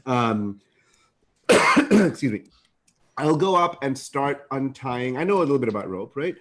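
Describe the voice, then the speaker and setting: A man from India, playful and animated, playing a tabletop game. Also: medium pitch, a little slow. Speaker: player.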